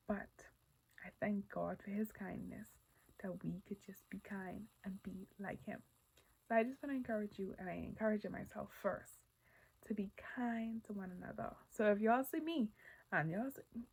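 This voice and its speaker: A woman giving casual, earnest Christian encouragement. She speaks candidly, often drops to a breathy near-whisper, and gets loud and animated when telling personal stories. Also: medium pitch, rough recording.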